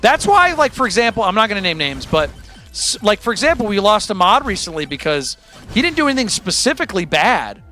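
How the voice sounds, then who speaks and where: A man's voice: high-pitched, sing-song, a little fast, pushed and bright. A man hosting his own music livestream, chatting candidly and self-deprecatingly with his audience in a rambling way. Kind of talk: casual chat to a live audience.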